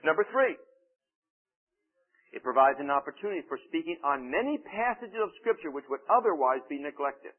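A man gives an emphatic teaching sermon in a fairly high voice, swinging between loud stressed phrases and quiet asides. The sound is narrow and tinny, like a phone line. His tone stays conversational, as if talking straight to the congregation. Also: expressive, brisk. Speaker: preacher teaching on preaching. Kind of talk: sermon-style teaching talk.

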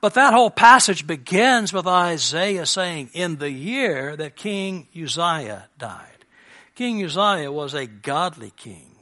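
A man preaching a sermon as a pastor, earnest, moving between emphatic lines and hushed ones. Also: a little high, expressive, slow.

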